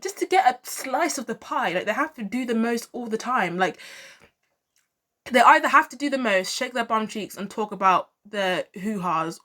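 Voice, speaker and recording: Woman, vlogger, casual opinionated commentary, chatty, animated, repeats herself. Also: medium pitch.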